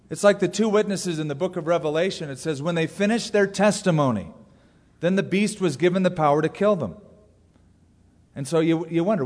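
A man's voice: on the high side, a little fast, darkish tone. Male pastor, casual storytelling sermon, wry humor, reverberant hall. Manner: conversational storytelling with dry humor.

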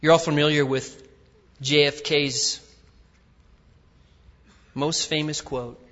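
A man's voice: fairly high pitch, steady tone, slow pace. Preaching man in a reverberant hall. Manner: swings from loud emphatic peaks to quiet intimate asides. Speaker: guest preacher. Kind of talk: sermon. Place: large church sanctuary. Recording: dull audio with long hall reverb.

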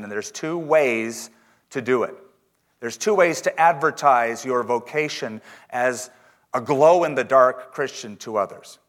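A man preaching a sermon in church, reading scripture slowly and emphatically, with joking asides. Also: medium pitch, fairly bright tone. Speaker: pastor.

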